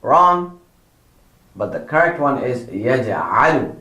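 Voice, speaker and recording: A man's voice: a little high, animated, takes it slowly, a bit bright, roomy sound, highs cut off. A man teaching children Quran pronunciation, drawing out each model word, repeating corrections and praising them. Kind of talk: slow, patient pronunciation lesson for children.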